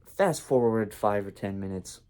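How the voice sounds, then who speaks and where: A man's voice: lowish voice, expressive, a little slow, darkish tone, smooth. A man telling a casual, rambling story in a vlog, full of fillers and restarts. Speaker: vlogger.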